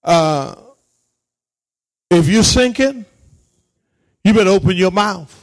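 A man preaching as a pastor, calling out to his congregation and swinging between shouted lines and quiet asides. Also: sits high, expressive, slow pace. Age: adult, married parent. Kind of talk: sermon.

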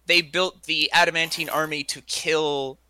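A man's voice: on the high side, flat delivery, a little slow, pushed and bright. A man playing a tabletop role-playing game, eager and thinking aloud with fillers. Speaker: player. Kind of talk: tabletop role-play chat.

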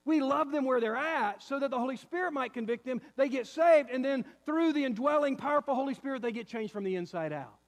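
A pastor in his fifties preaches to his church, telling a story with lively acted-out quotes. His man's voice sits notably high. The sound carries the long reverb of a church sanctuary. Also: brisk, few pauses. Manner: animated storytelling, acts out quotes. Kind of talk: sermon with personal story.

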